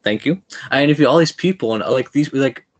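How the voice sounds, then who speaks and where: A man's voice: mid-range voice, a little fast, no echo. A man hosting a podcast interview, eager and chatty, often repeating himself. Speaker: podcast host. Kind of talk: casual interview.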